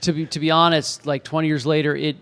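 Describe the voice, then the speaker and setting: A man in his forties tells stories as an interview guest, his voice sitting a little high. He talks animatedly and slips into other people's voices for the quotes. The tone stays conversational and relaxed. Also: fast talker, smooth. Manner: animated anecdotes with acted-out quotes. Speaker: actor and author guest. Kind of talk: casual interview storytelling. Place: home in Los Angeles.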